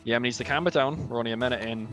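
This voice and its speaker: A man's voice: mid-range voice, over music. A man with an Irish accent giving chatty color commentary and analysis on an esports match. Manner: rapid, chatty analysis with fillers. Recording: noisy background.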